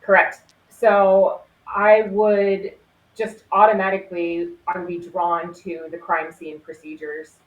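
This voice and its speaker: A woman's voice: fairly low pitch, flat delivery, slow, highs cut off. A woman in her forties, a former crime scene investigator, telling stories earnestly in an interview and laughing easily. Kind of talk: conversational storytelling interview. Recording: roomy echo with faint ambience.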